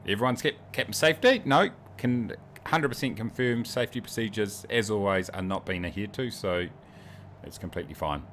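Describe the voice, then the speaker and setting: Flying a sim on a casual livestream, this New Zealand streamer rambles and jokes at his own expense. He speaks at normal speed in a lowish, slightly bright voice, with slight background noise.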